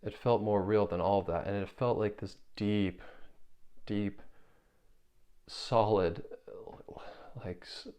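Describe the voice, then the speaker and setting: Low-voiced man telling a personal story. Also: fairly even intonation, warm tone, clean tone, lo-fi sound. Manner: earnest, halting, with repeated phrases and restarts. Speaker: spiritual video creator.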